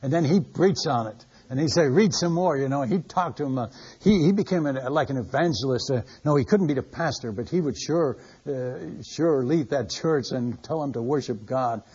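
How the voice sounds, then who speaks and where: Older man, missionary preacher, folksy storytelling sermon, husky voice, muffled lo-fi recording. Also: mid-range voice, moderate pace, a little mellow. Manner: folksy, conversational, chuckling storyteller.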